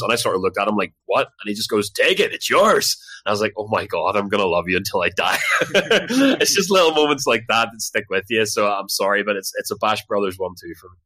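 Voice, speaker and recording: A man's voice: lowish voice, animated, quick pace, few pauses, pushed and bright, no echo. A man co-hosting a casual sports podcast, fondly reminiscing and laughing easily. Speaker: podcast co-host. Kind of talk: casual chat.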